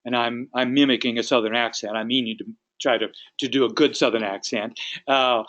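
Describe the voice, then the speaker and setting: Male sales trainer, instructive, mid-pitched, dull lo-fi recording. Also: fairly even intonation, a little fast, a bit bright. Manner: instructive, acts out sample phone calls. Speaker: real estate sales trainer. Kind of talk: training talk.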